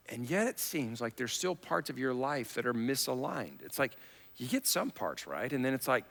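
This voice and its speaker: Bright-voiced preacher in an echoing hall. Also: male voice, mid-range voice, expressive, normal speed, gravelly. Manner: conversational preaching, acts out Bible quotes with rising intensity. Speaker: pastor. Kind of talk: sermon. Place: church hall. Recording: long church hall reverb.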